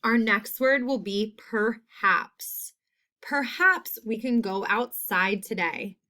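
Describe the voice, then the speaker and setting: A woman's voice: fairly high pitch, animated, slow pace, pushed and bright. A woman teacher giving a phonics lesson who spells out each sound and repeats every word in a short model sentence. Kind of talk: slow, deliberate phonics lesson.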